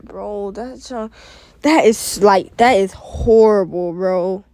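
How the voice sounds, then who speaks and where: A man's voice: high voice, takes it slowly, darkish tone, no echo. A young man reacting to a sad news story in casual, slang-heavy talk, his voice cracking with sadness. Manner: slangy, emotional, repeats "bro" and "like". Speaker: reaction video host.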